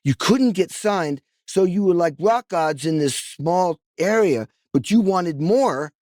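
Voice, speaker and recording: A man's voice: high voice, lively intonation, slow, darkish tone, dry recording, studio quality. A man hosting a podcast, a drummer asking enthusiastic, rambling questions in casual interview chat.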